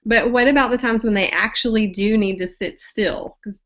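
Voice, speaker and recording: A woman's voice: a little high, normal speed, fairly bright tone. A woman, hosting a webcast and reading a friendly introduction of her guest. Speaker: host. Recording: dull lo-fi webcast audio.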